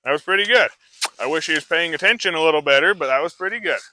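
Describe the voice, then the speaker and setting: An easygoing male horse trainer talks a live crowd through his work, loose and chatty. His voice is very bright and a little higher than most men's, with a dry, close sound. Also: animated, quick pace, dry recording. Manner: casual, rambling explanation with many fillers.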